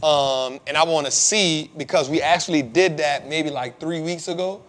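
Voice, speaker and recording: A man's voice: on the high side, normal speed, fairly bright tone. A man hosting a live investing show, answering viewer questions in laid-back slang with many fillers. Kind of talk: casual live-stream Q&A.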